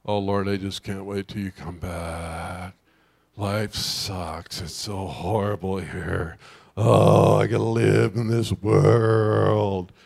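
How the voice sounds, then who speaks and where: A man putting on the voice of a gloomy adult believer who moans in a drawn-out, whiny way. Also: lowish voice, steady tone, vocal fry, darkish tone, no echo, pitched below the performer's own voice, exaggerated voice. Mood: gloomy moaning.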